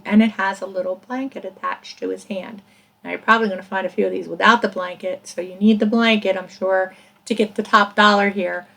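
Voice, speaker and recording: A chatty middle-aged woman talks through her finds at an easy, even pitch, rambling from one thought to the next. She laughs now and then, and hiccups break into her casual chat. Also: vocal fry. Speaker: reseller vlogger.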